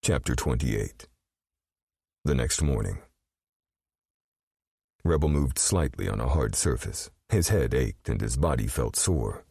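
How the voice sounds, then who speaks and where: Male audiobook narrator, very deep voice, gravelly, lively intonation, dry close sound. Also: slow pace, long pauses, no echo.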